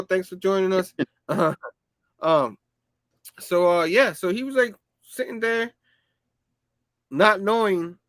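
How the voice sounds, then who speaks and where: A man with a high voice hosts a casual comic book review, rambling through the plot with lots of fillers and hummed sound effects. His voice sounds dry and close to the mic. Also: a bit bright, no echo.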